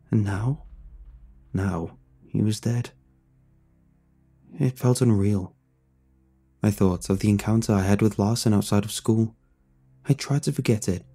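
Husky low-voiced man telling a story. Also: dark tone. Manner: measured, reflective storytelling. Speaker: narrator. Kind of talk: scripted horror story narration. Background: faint music.

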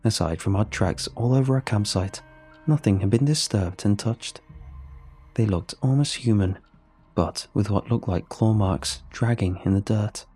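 A man narrating a first-person horror story in a steady, measured way. His voice is low and dark, with a husky edge. Faint music plays behind him.

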